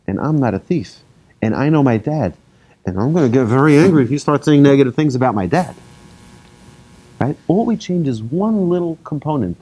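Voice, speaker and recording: A rabbi giving a lively talk to an audience, telling made-up stories and asking the listeners questions. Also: male voice, medium pitch, husky. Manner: animated, asks the audience questions, tells hypothetical stories. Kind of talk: lively lecture to a live audience.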